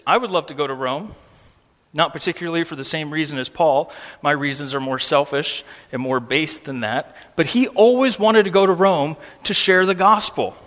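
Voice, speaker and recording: A man's voice: on the high side, a bit bright, in a large hall. A man preaching a sermon as pastor, emphatic and fond of repeating words for stress.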